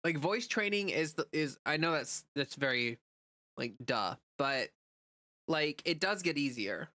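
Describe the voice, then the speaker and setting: A woman's voice: low voice, expressive, a little slow, bright, forceful tone, no room sound. A woman streamer in casual live chat, answering chat messages in a chatty way with lots of "like" fillers.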